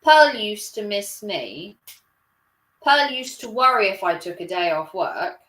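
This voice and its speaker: Slow-talking chatty woman. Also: medium pitch, very animated, pushed and bright. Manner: rambling, chatty, laughs often. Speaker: livestreamer. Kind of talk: casual live stream chat. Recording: roomy echo.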